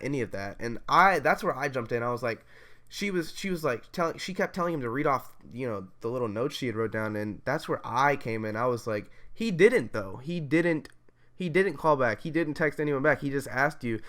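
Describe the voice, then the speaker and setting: A man's voice: mid-range voice, fairly bright tone. A man vlogging, telling a story in a casual, profane, ranting way with lots of restarts.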